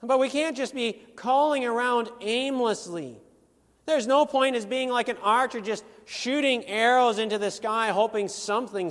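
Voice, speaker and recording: A man with a high, slightly bright voice delivers a sermon slowly and deliberately. He drives his points home earnestly and emphatically with pointed rhetorical questions, and a long echo fills the large hall.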